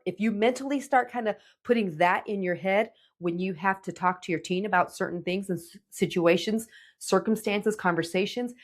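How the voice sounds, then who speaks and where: A middle-aged woman, a teen relationship coach, giving emphatic direct-to-camera advice to parents and checking in with "okay?". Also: mid-range voice. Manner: animated, emphatic, checks in with 'okay?'.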